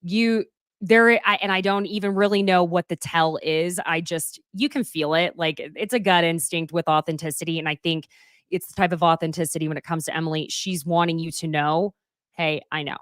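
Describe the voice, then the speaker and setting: A woman in her thirties co-hosting a casual recap chat, animated and profane, slipping into quick impressions of the people she talks about. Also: fairly low pitch, dry recording, studio quality. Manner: animated, profane, mimics people with put-on voices. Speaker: podcast co-host.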